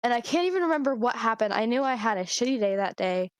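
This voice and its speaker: A chatty woman in a casual podcast, her voice fairly high. She laughs easily, and the recording is dry and close with no room sound. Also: lively intonation, fast, clear, resonant tone, no echo. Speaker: streamer and podcast guest.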